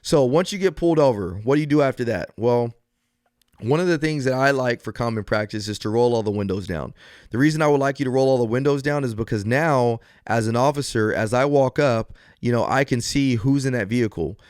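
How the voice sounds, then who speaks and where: A man's voice: mid-range voice, a little fast, darkish tone, no room sound, studio quality. A man, a police officer hosting a podcast on his own, explaining step by step in an earnest manner with frequent restarts and fillers. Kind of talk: solo podcast advice talk.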